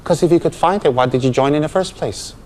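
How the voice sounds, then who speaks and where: A man's voice: a little high, fast, a little mellow, a little hiss or hum. A man, a Buddhist teacher, giving a dharma talk to students, emphatic and full of rhetorical questions.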